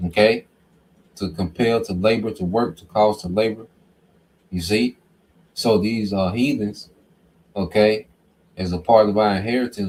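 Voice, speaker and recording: Male bible teacher, low voice, chatty, keeps asking "okay?". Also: darkish tone. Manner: conversational, peppered with "okay?" and "man". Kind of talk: informal scripture teaching.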